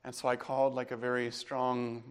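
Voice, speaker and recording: A man preaching a sermon as a pastor, telling a personal story with strong emotion, dropping to hushed tones and rising to loud outbursts. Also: mid-range voice, monotone, moderate pace, smooth.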